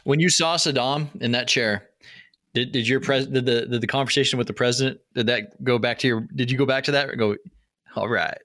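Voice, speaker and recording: A man hosts a casual interview in a bright voice of middle pitch. He mostly reacts briefly and asks the odd question. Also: a little fast, no room sound, clean studio sound. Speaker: interviewer, podcast host.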